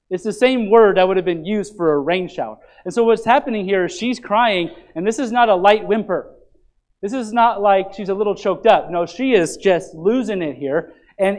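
A man whose voice sits high preaches a sermon as a pastor, explaining scripture and putting questions to the congregation in an animated style. The audio quality is poor.

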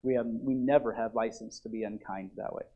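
A man's voice: medium pitch, steady tone, a little fast, husky, lo-fi sound. A man teaching a Bible lesson in an earnest, emphatic way, repeating key phrases for stress.

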